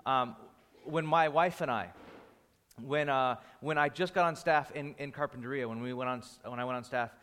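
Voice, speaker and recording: A man's voice: medium pitch, normal speed, fairly bright tone, big-room sound. A man teaching a Bible class as a pastor. He talks in a conversational way, with restarts and anecdotes. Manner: conversational, restarts and anecdotes, rising energy when storytelling.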